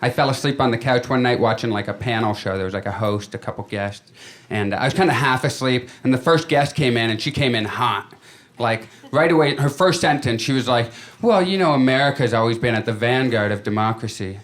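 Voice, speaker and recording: A man's voice: medium pitch, brisk, few pauses, a bit bright. A man doing a stand-up comedy set, telling stories in a conversational way and acting out quotes. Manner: conversational storytelling with acted-out quotes. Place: comedy stage before a live audience. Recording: live audience laughter.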